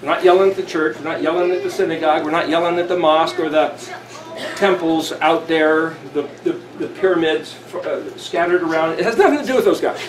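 A man's voice: on the high side, brisk. A man teaching scripture, reading verses aloud and then explaining them in a conversational way. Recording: roomy with faint background noise.

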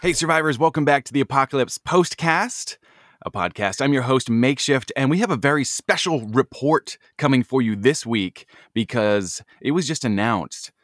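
A man hosting a casual podcast, stuffed up with a cold, chatty and quick to laugh as he hunts for words. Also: mid-range voice, animated, fairly bright tone, no echo, studio quality. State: stuffed up, congested. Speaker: podcast host.

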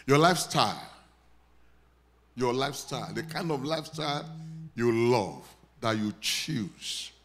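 A man with a Nigerian accent preaching a sermon, leading his congregation in call and response and rising to loud prayer declarations. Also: medium pitch, expressive, unhurried, pauses often, slight background noise. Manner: builds to loud declarations when praying over the congregation. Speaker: pastor.

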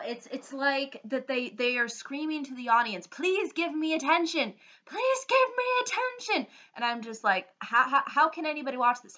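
A woman's voice: medium pitch, bright, forceful tone. A woman vlogger giving her opinion in a casual, earnest ramble, often restarting her sentences.

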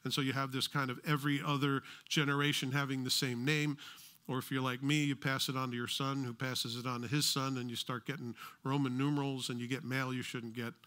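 Bright-voiced American pastor preaching. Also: male voice, medium pitch, little pitch movement, fairly quick. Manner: conversational, joking asides. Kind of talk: sermon.

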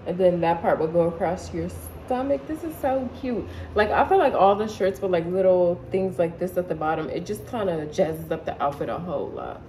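Young woman, casual vlog chat, excitable, slangy, living room, faint background noise. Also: fairly low pitch, normal speed, hardly any pauses, rough recording. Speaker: vlogger. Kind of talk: casual haul video chat.

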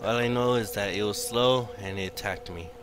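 A man's voice: fairly low pitch, normal speed. A man hosting a gaming channel, giving horror game commentary full of swearing and panicky outbursts. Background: game music.

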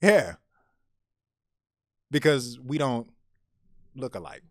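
Speaking slowly in a sing-song, mid-range voice, a man co-hosting a podcast tells a lively story, restarting often, as part of casual chat and storytelling. It's a dry, studio-quality recording.

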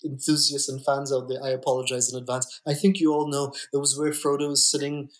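A male geneticist guest on a podcast, explaining with emphatic, deliberate stresses and repeated words. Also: medium pitch, monotone. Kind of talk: podcast interview.

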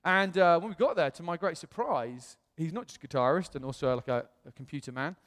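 A man from the United Kingdom preaching in a church, telling his story in a chatty, animated way with self-quotes. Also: fairly high pitch, fairly quick. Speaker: pastor. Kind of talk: storytelling sermon. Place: church hall. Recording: long church-hall reverb.

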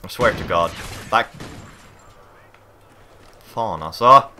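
A man's voice: low voice, takes it slowly, bright, forceful tone. A man doing live gameplay commentary, frustrated and swearing as he plays. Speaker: gamer. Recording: game noise clearly behind.

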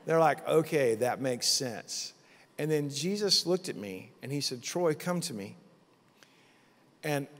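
A middle-aged man preaching at a conference, telling a vision story with lively acted-out quotes. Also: medium pitch. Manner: animated storytelling, acting out quotes. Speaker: pastor. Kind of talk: conference sermon testimony. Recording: long hall reverb.

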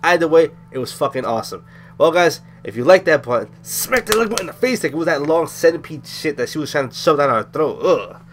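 A man's voice: on the high side, expressive, fast talker, faint music behind. A man giving let's play commentary, talking in a loose, rambling and profane way. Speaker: gaming commentator.

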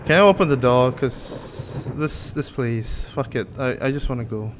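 A man's voice: medium pitch, measured pace, slight background noise. A man giving casual let's-play commentary on a horror game, nervous, jokey and profane, rambling as he goes. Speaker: gameplay channel host.

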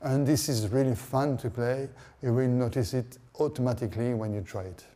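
Male musician, halting demo talk, mellow mid voice. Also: medium pitch, steady tone. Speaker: clarinetist giving feedback. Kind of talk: halting product demonstration talk.

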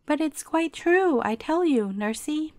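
A woman's voice: sits high, expressive, measured pace, darkish tone, no echo, pitched above the performer's own voice. Brief: earnest young princess, pleading and hurt, storybook reading, a woman doing the voice, dry close sound. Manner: pleading, indignant.

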